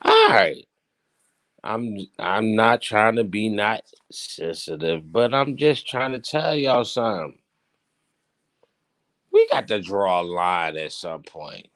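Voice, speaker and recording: Wildly animated man hosting commentary. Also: on the low side, slow. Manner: animated, teasing, theatrical swings between loud and hushed. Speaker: host. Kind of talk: casual current-events commentary.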